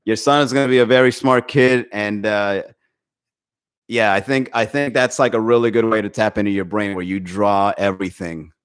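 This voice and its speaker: A lowish, clear and resonant male voice with fairly even intonation moves along at a moderate pace. The man runs a comedy podcast, casually chatting with his stream while rambling, swearing freely and often laughing.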